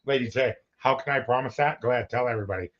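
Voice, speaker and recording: Talking very fast in a medium-pitched, slightly bright voice, a man co-hosts a loose chat about police footage. He rambles, cracks jokes, and laughs a lot over dull, lo-fi sound.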